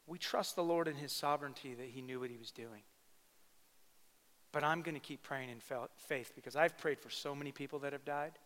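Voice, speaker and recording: A male pastor preaching a sermon, swinging between loud emphatic bursts and quiet intimate asides. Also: medium pitch, fairly quick. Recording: long hall reverb.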